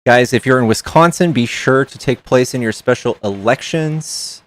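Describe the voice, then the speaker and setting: A man's voice: medium pitch, normal speed, a bit bright. A man streaming live, chatting casually with his chat, reading aloud and swearing as he reacts.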